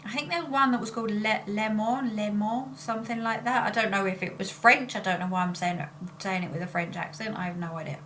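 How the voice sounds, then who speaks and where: A woman's voice: mid-range voice, fast, hardly any pauses, bright, forceful tone, a little hiss or hum. A woman, chatting casually on her vlog in a rambling way, often breaking off to correct herself. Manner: rambling and self-interrupting. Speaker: spiritual channeler and vlogger. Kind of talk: casual chat.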